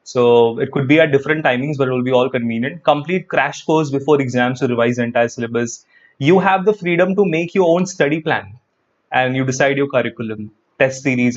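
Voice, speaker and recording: A man with an Indian English accent, an English teacher giving an energetic online grammar lesson, repeating his points and talking straight to the viewers. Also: mid-range voice, lo-fi sound. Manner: energetic, repeats phrases, addresses viewers directly.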